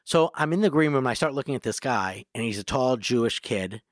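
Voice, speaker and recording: A man's voice: mid-range voice, a little fast, no room sound. A man, a comedian guest, telling stories in a casual interview and acting out the people in them. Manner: animated storyteller who acts out voices.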